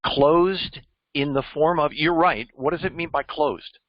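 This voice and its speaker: A man's voice: fairly high pitch, unhurried, no room sound, highs cut off. Emphatic man coaching on interviews. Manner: emphatic, teacherly, quizzes listeners. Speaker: cybersecurity mentor. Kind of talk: coaching discussion.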